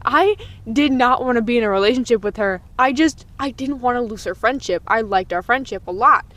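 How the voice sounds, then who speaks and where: Young woman podcast co-host, high-pitched, candid and profane, casual chat. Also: a little fast, fairly bright tone. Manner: candid, swears freely.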